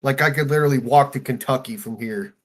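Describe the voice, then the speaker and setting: A man's voice: mid-range voice, quick pace. A man from southern Ohio, talking casually and hesitantly on a podcast.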